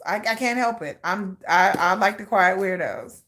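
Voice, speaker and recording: A woman hosting a livestream in casual chat, rambling and animated and laughing often. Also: medium pitch, moderate pace. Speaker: livestream host.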